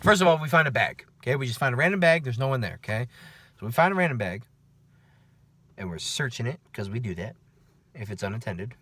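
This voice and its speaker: A man's voice: medium pitch, expressive, quick pace, long pauses, fairly bright tone, breathy edge, no echo. Chatty, profane man with a dry voice. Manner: chatty, profane, keeps checking in with "okay?" and "right?". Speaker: night-shift security guard. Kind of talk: casual after-work storytelling vlog.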